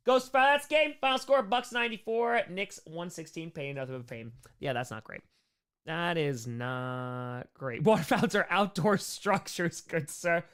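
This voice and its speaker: A young man with a New York accent talks fast and playfully, reading viewer questions aloud and riffing on the answers. His voice sits a little high and comes through smooth and clear. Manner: fast, animated, playful, reads chat aloud. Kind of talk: casual live Q&A chat.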